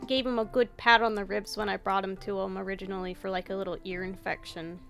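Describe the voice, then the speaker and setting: A woman's voice: mid-range voice, level tone, fast, gravelly, fairly bright tone, soft background music. A woman chatting casually to herself while playing a game, swearing offhandedly as she goes. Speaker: let's-play gamer. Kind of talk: casual gameplay commentary.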